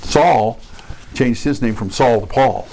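A man's voice: medium pitch, takes it slowly, darkish tone, a little hiss or hum, low-quality recording. A man preaching an expository sermon, stressing key words and putting questions to his listeners.

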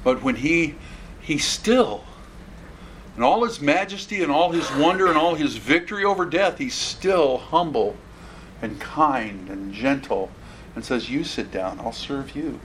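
A man's voice: a little high, a little slow, slight background noise. A man preaching an expository sermon, asking the congregation questions and acting out the voices in the passage. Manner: animated, acts out scripture voices, asks the audience questions. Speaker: pastor.

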